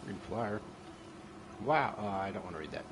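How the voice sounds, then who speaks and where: A man's voice: fairly low pitch, lively intonation, normal speed, noisy background. A young man giving casual commentary over a horror game, joking and reading game text aloud. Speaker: gaming youtuber.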